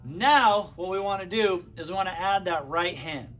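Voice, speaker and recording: A man's voice: sits high, normal speed, highs cut off, loud music behind the voice. A man giving a casual drum lesson, counting beats aloud and sounding out rhythms. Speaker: drum teacher. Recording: loud drum kit playing behind. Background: drum kit.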